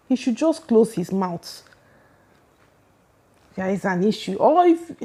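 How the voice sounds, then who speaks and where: A woman's voice: mid-range voice, sing-song, slow pace, long pauses, darkish tone, husky. A woman ranting emphatically about celebrity gossip, firing off rhetorical questions. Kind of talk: casual opinion rant.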